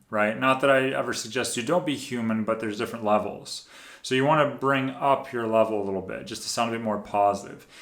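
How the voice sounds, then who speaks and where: A man's voice: on the low side, a bit bright. A man explaining cold-calling technique to his viewers in a conversational, step-by-step way, with frequent restarts. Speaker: sales trainer. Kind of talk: instructional talk to camera. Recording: echoey room.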